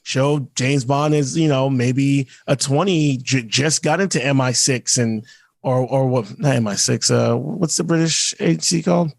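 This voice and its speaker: A man's voice: mid-range voice, unhurried, creaky, dry recording, clean studio sound. A man co-hosting a podcast, rambling through casual chat with lots of restarts and some cursing. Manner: rambling, profane, frequent restarts. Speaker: podcast co-host.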